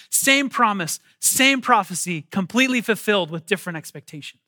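A male pastor preaching a sermon with animated emphasis, reading scripture and calling on the congregation to answer back. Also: sits high, fairly quick, few pauses.

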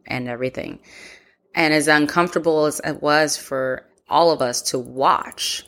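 A podcast host tells a personal story reflectively, acting out conversations she remembers. Her voice is low with a fairly bright tone.

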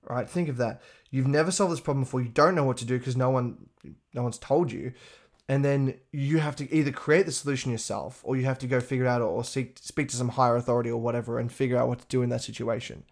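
A man giving a profane, animated motivational talk. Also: quick pace. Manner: profane, animated, acts out others in a higher voice. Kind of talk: casual motivational monologue.

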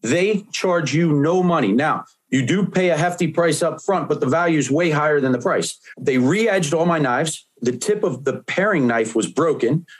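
A man co-hosting a podcast, telling stories in an energetic, plain-spoken casual way. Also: on the high side, normal speed, few pauses. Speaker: podcast co-host. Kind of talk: casual podcast chat, storytelling.

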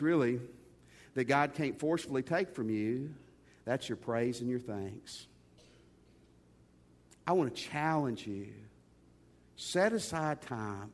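A man preaching a sermon to a congregation, talking conversationally and calling his listeners folks. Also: sits high. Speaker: pastor. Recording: long hall reverb.

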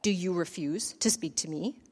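A woman's voice: fairly low pitch, moderate pace, darkish tone, breathy edge, in a large hall. Uneasy roman governor, read by a woman. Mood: questioning.

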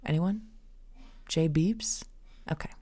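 A woman's voice: deep voice, slow pace, warm tone. A woman in her thirties hosting a nutrition podcast, talking to listeners as friends and acting out little inner voices in asides. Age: 30s. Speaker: podcast host. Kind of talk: faith-based nutrition podcast talk.

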